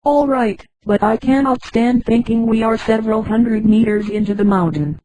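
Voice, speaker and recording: A text-to-speech woman's voice reading the lines of an anxious young wife in a flat, unchanged voice. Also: on the high side, moderate pace, no room sound, natural voice, low-quality recording. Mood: plain. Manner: flat synthetic read, no change of voice.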